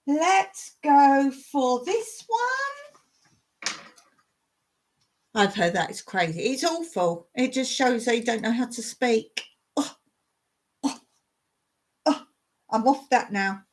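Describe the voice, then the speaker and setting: A woman hosts a relaxed live stream, chatting and laughing through her pet peeves. Her voice sits a little high. She talks at an unhurried, easy pace. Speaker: vlogger hosting a live stream. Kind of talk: casual live-stream chat.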